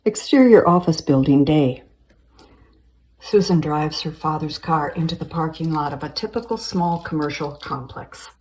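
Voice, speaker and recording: A woman reading a screenplay aloud, calmly stating scene headings and directions. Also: sits low, normal speed, rough recording. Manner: steady, matter-of-fact delivery of scene directions. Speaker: screenplay reader.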